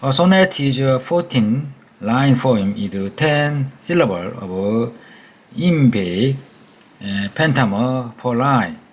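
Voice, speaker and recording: Man, Korean accent, reads English textbook aloud, very slow, husky voice, halting with slips. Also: medium pitch, animated. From South Korea. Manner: careful, halting reading with hesitations and slips. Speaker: English learner reading aloud. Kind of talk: reading a textbook aloud for practice.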